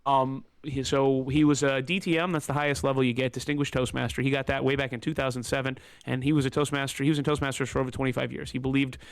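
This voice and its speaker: A man's voice: medium pitch, flat delivery, fast, hardly any pauses, no room sound. A man hosting a podcast, telling a personal story in a candid, emotional, rambling way with many fillers, close to tears. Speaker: podcast host.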